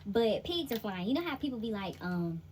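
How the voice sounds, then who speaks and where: A woman's voice: mid-range voice, sing-song, brisk, a little mellow, a little hiss or hum. A woman with a Southern US accent giving a chatty, laughing, slangy tarot reading. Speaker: intuitive tarot reader.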